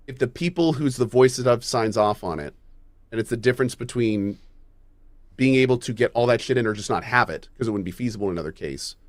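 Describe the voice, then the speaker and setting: A man hosting a gaming news chat, rambling through his thoughts with frequent restarts and a bit of swearing. His mid-pitched voice is recorded dry and close to the mic. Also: a bit bright, no echo. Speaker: podcast host. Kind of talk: casual gaming news discussion.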